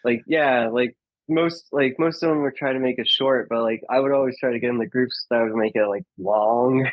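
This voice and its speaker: A man's voice: medium pitch, steady tone, moderate pace, dry recording. Male comedian guest, rambling storyteller, laughs a lot, dry muffled lo-fi recording. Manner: chatty, filler-heavy, laughs often, acts out quotes. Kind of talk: casual storytelling. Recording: dull lo-fi dry sound.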